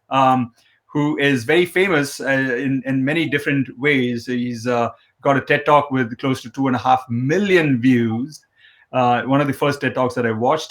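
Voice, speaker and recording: Male host of a live web chat, talkative, jokey, hesitant. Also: mid-range voice. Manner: chatty, joking, with many fillers and restarts. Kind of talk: live online interview.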